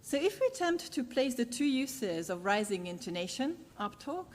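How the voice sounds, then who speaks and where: A woman's voice: on the high side, big pitch swings. Woman lecturing in a reverberant hall. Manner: measured, with frequent "uh" pauses. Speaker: university lecturer. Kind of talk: academic lecture.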